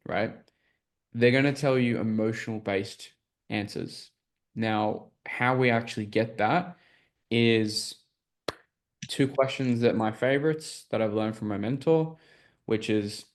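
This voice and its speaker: Low-voiced male sales coach explaining. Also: steady tone, slow. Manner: explanatory, filler-heavy, checks understanding often. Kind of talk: coaching call teaching.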